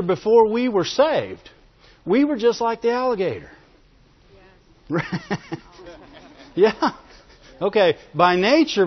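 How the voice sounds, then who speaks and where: A man preaching a sermon in a conversational way, often laughing and calling for amens. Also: high voice. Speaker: pastor. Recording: dull lo-fi recording in a reverberant hall.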